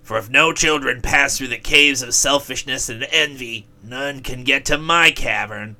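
A brooding demon of hatred speaks slowly, leaning on each word, as a male reader puts him on. His tone is sharp and bright, and he sounds bitter and sullen. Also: mid-range voice.

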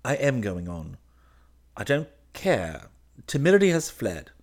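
A man's voice: mid-range voice, big pitch swings, a little slow, voice pushed up. A man voicing a lovesick young male art student who pleads in a plaintive, rising voice. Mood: pleading. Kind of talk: audiobook character reading.

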